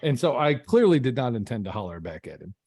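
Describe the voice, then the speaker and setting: A man's voice: mid-range voice, very animated, fast talker, a little mellow, no echo, clean studio sound. A man, a podcast guest, telling his own story in an earnest, reflective way, often restarting his sentences. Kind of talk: casual storytelling.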